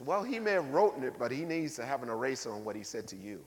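Bishop guy preaching, acts out folks he quotes, loud then real quiet, echoey big church. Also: mid-range voice, wildly swooping pitch, fast, few pauses. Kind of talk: sermon. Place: large church sanctuary. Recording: long reverb of a large hall.

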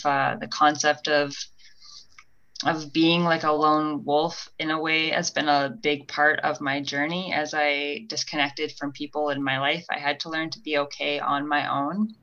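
A woman's voice: deep voice, sharp tone, dull audio. A young woman talking reflectively on a podcast, meandering with many fillers. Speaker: guest. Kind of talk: casual podcast conversation.

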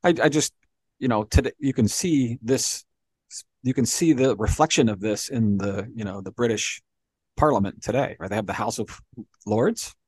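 A man's voice: mid-range voice, normal speed, husky, no echo. Man explaining history in a casual podcast. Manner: explains at length with many "you know" and "right?" asides. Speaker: podcast co-host.

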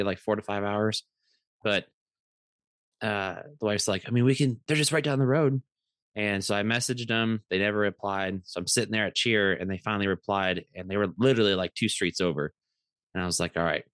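Low-voiced man telling rambling stories. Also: a little fast, smooth, dry recording, clean studio sound. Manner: rambling, animated anecdotes with many fillers. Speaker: podcast co-host. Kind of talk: casual storytelling chat.

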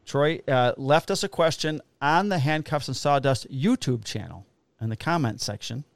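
A man, a police officer co-hosting a podcast, telling a story in a casual, animated way with a lot of swearing. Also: medium pitch, normal speed, vocal fry, dry recording. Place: Illinois.

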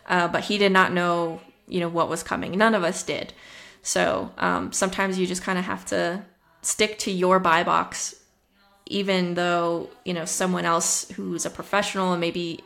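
A woman speaking as a podcast guest, with a somewhat low voice for a woman. She talks in a chatty, conversational way, often pausing on fillers and restarting her sentences. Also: vocal fry, fairly bright tone. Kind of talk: conversational interview storytelling.

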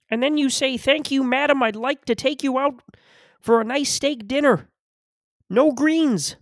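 A man doing an impression of a stern older lecturer, preaching with slow, drawn-out emphasis. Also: very high-pitched, dry recording, studio quality, pitched above the performer's own voice, full character voice.

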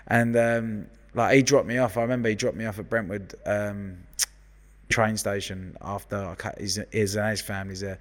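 The speaker, a thirty-something hairdresser from London, keeps a normal speed and a lowish pitch while telling sweary, animated stories as a guest. His London accent comes through, and the space sounds big.

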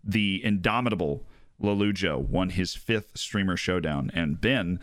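A man's voice: low-pitched, a little slow, a bit bright, no room sound, studio quality. A man co-hosting a casual podcast, teasing his co-host and poking fun at himself. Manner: jokey, teasing, self-deprecating.

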